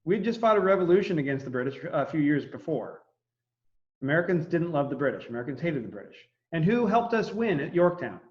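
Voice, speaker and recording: A male history teacher lecturing in a loose, joking way, stumbling through fillers and breaking into quick voiced quotes. His voice sits a bit high for a man. The recording is dull and lo-fi. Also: big pitch swings. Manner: chatty, jokey, lots of fillers and acted-out quotes. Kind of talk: casual classroom lecture.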